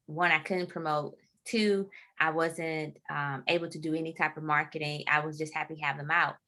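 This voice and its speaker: A woman author being interviewed in a casual chat, a lively storyteller who laughs often. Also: sits low. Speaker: author guest.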